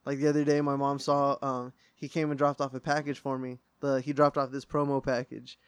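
A man hosting a podcast, telling stories in a loose, profane, high-as-hell way. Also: flat delivery, fairly quick, smooth, no echo. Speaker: podcast host. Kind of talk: casual podcast chat.

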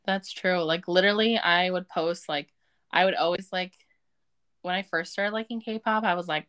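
A woman's voice: lowish voice, steady tone, a little fast, fairly bright tone. A woman in her twenties co-hosting a podcast, chatting casually and filling her speech with "like". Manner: chatty, uses lots of fillers. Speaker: podcast co-host. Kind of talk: casual chat.

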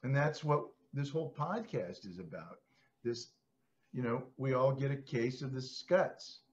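A man hosting a podcast in casual chat, telling stories in a rambling, animated way. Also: mid-range voice, measured pace. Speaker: podcast host. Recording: slightly dull podcast audio.

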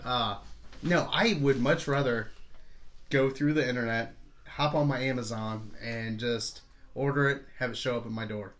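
A man in his forties chats loosely as a podcast host, wandering through his thoughts with easy swearing and frequent laughs. His voice sounds a bit worn and hoarse. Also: medium pitch, a bit bright. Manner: rambling, laughs often, swears casually. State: slightly hoarse. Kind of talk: casual chat.

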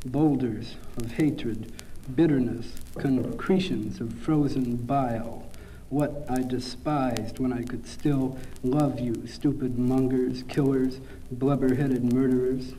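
Dark, mellow-voiced man reading poetry. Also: mid-range voice, steady tone, slight background noise, poor audio. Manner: quick, offhand introduction, then slow, heavy reading. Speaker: poet. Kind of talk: poetry reading with spoken introduction.

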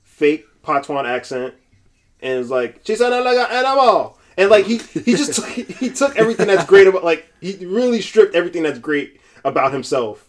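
A man in his twenties co-hosting a podcast in casual chat, animated, laughing often and repeating himself. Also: on the high side, moderate pace. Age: 20s. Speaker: podcast co-host.

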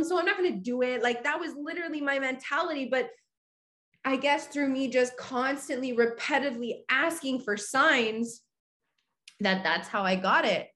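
A young woman appearing as a podcast guest tells a personal story in casual chat, speaking high-pitched and a little fast. She's animated, says "like" constantly, and acts out her own reactions.

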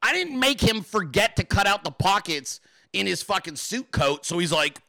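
A man rants to his live chat in a crude, mocking, offhand way. His voice is bright and a touch high. The sound is dry and close to the mic. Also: very animated, moderate pace, creaky, dry recording. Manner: profane, mocking, puts on shrill voices. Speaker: livestream host. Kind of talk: crude casual livestream rant.

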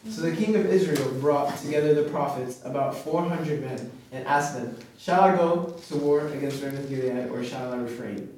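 A man's voice: on the high side, normal speed, hardly any pauses, a little hiss or hum. Man reading scripture from across an echoey room. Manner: steady, plain reading with small slips. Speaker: scripture reader in a study group. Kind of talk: reading aloud. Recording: echoey room, voice far from mic.

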